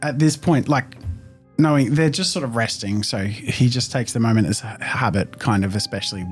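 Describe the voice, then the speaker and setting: A man playing his character at a tabletop role-playing game, animated and joking, shifting between table talk and in-character lines. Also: mid-range voice, normal speed, faint music behind. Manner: animated, joking, breaks into laughter and in-character pleas. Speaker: player.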